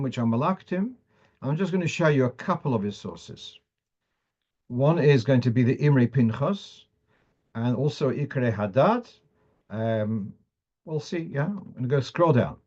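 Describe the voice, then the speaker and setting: In his weekly Torah class, a rabbi lectures on Torah law, reading Hebrew and Aramaic sources aloud and explaining them in English. He restarts often, and his medium-pitched voice is a little mellow. The sound is dull and lo-fi.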